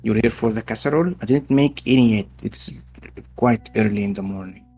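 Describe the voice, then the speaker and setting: A man voicing a homely, weary mother with graying hair, talking softly. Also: lowish voice, a little fast, slight background noise, close to an everyday voice. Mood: friendly.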